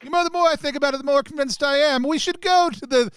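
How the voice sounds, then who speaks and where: A man's voice: a little high, sing-song, unhurried, dry recording. A man voicing a pompous noble duchess who stumbles over long words while playing a tabletop game. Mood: grandly convinced. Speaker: player.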